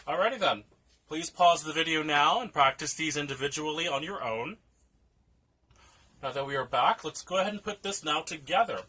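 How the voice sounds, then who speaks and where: A man's voice: on the high side, lively intonation, normal speed. A man teaching a piano lesson, patiently counting rhythms aloud for students to follow. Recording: loud music under the voice. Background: piano playing.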